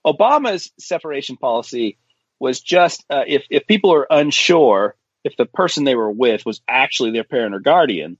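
A man of middle pitch rants bluntly and profanely as he hosts a casual podcast. The recording is dry, with no room sound, and slightly dull and muffled. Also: animated, moderate pace, breathy edge, no room sound. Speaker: podcast host. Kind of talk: casual chat.

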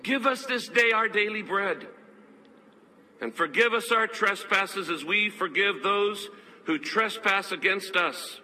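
A man delivering a solemn public prayer as a clergyman, in a slow, measured, reverent cadence. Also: sits high, sharp tone. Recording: echoey hall with faint ambience.

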